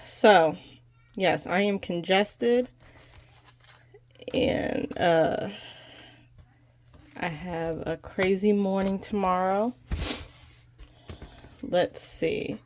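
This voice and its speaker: A woman's voice: mid-range voice, very slow, long pauses, darkish tone, slight background noise. Stuffy congested woman, just chatting and rambling to her viewers. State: congested from allergies. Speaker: budgeting vlogger. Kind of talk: casual chat to camera.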